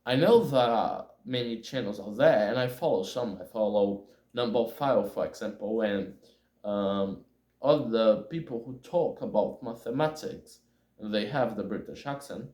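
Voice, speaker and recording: A man learning English, talking in a hesitant, halting way and often correcting himself as he chats casually on camera. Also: lowish voice, darkish tone. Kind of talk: casual spoken monologue. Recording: echoey room.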